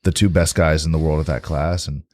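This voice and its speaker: A man with a very low, mellow voice hosts a relaxed podcast chat. He rambles a little, trips over and repeats his words, and sounds close and dry in the studio. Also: fairly quick, dry recording. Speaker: podcast host. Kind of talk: casual chat.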